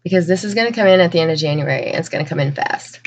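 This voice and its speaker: A woman tarot reader delivering a channeled spiritual message to viewers, talking in an earnest, emotional way with many pauses. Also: low-pitched, animated, a little hiss or hum. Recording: dull lo-fi recording.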